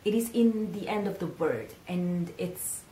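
An Italian singing teacher with an Italian accent leads a pronunciation lesson, saying words slowly so the learner can repeat them. Her voice is lowish and warm, with slight background noise.

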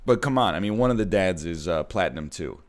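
A man in his thirties, co-hosting a casual stream chat over a voice call, excitable and quick to laugh. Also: low voice. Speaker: streamer co-host.

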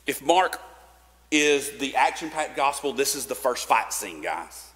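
A man's voice: medium pitch, big pitch swings, a little slow, a bit bright. A man preaching a sermon in a casual, conversational way, with fillers and restarts. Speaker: pastor. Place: church sanctuary. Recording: long church reverb.

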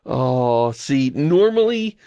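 Gravelly-voiced man in wry casual chat. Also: mid-range voice, big pitch swings, takes it slowly, warm tone, no echo. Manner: rambling, wry, exasperated. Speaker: podcast co-host.

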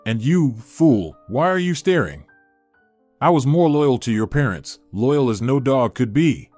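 A man's voice: medium pitch, big pitch swings, a little slow, darkish tone, dry recording, faint music behind. A sneering, scheming businessman, as a male narrator puts him on. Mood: bitter. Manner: sneering and contemptuous. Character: scheming, mocking middle-aged male business partner.

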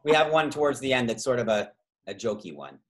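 A man hosting a trivia quiz over a video call, reading out multiple-choice options slowly and drawing out the key words, with chatty asides and quick self-corrections. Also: medium pitch, very animated. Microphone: video call microphone.

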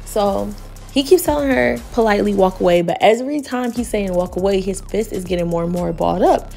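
Chatty young woman with a gravelly voice. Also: mid-range voice, a little fast, mellow, soft background music. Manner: chatty, addresses viewers as y'all, laughs often. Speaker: vlogger. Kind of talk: casual storytelling while cooking. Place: home kitchen.

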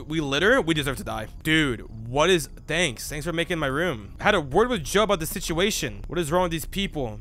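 A young man streaming a horror game, swearing and yelling at jump scares in casual commentary. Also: mid-range voice, slight background noise. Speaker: gaming streamer.

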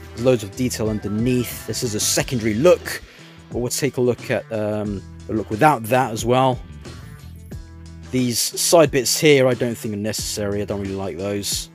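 A toy reviewer casually looks over an action figure, talking in a relaxed, rambling way with hesitant fillers. His voice is medium in pitch.

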